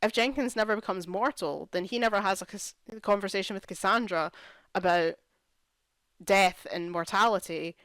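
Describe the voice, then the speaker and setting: A woman's voice: medium pitch, fairly bright tone, smooth, no echo. A young woman vlogger casually reviewing a TV series, ranting in exasperation and saying "like" a lot. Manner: exasperated, ranting, heavy use of "like". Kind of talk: casual chat.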